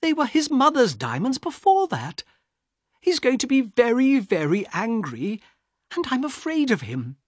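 A scared young woman begs her brother in a high, strained voice, as a man reads her part. Her pitch swings widely and the sound is dry and close, with a breathy edge. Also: wildly swooping pitch, a little slow, no room sound, full character voice. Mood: pleading. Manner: high pleading voice.

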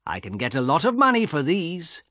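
A man voicing a greedy young man who slowly taunts his sister in a read-aloud story. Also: on the high side, wildly swooping pitch, sharp tone, no room sound, clean studio sound, pitched above the performer's own voice, heavily acted. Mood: taunting. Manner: slow, taunting, raised voice. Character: greedy, mocking young man, cold and smiling.

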